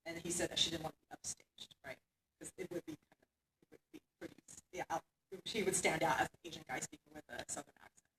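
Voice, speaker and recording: A woman's voice: lowish voice, sing-song, fast talker, vocal fry, a bit bright, a little hiss or hum. A woman giving a conference keynote lecture in a conversational way, often laughing and tagging her points with "right?". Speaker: keynote speaker. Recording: echoey hall from far off.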